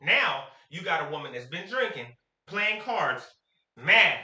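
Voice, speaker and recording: A man from Sacramento tells a story to camera in a slangy, animated way, his voice high and swinging. The tone is bright and sharp. He is recorded in an echoey room. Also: a little slow. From Sacramento, California. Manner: animated, slangy, acts out quotes.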